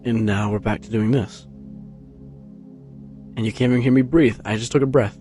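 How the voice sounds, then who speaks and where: Soft music sits behind this man's mellow, fairly even voice at normal speed. Vlogging casually from a carpeted home room, he rambles in a low-key way full of fillers and restarts, close to a tabletop USB microphone and wearing headphones.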